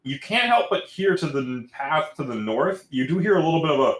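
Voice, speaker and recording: A man's voice: fairly high pitch, animated, brisk, roomy sound, slight background noise, low-quality recording. A man narrating as dungeon master for a tabletop game, loose and rambling, with many fillers.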